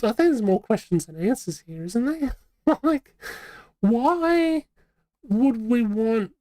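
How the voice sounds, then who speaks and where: A woman's voice: a little high, animated, normal speed, dark tone, dry recording. A woman hosting a live vlog, chatting in a rambling, casual way with plenty of fillers and restarts. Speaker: vlog host. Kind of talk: casual live-stream chat.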